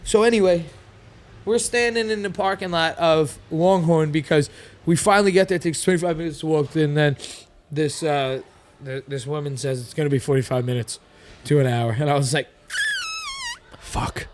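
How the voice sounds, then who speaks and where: A young man spins a wild story in a loose podcast chat, rambling and cursing as he goes. His voice sits a bit high for a man and moves quickly. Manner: animated, profane, rambling. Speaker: podcast guest, fighter.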